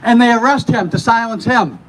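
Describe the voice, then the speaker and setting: A man's voice: extremely high pitch, fairly quick, slight background noise. A man passionately opening a street protest with a short rally speech. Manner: earnest, passionate. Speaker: protest organizer.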